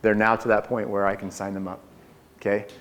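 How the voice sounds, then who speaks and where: A man with a slightly low voice gives a lively sales training talk to a group. He speaks with confidence and energy, and he breaks into acted door pitches. His delivery is punchy and often repeats phrases. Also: brisk.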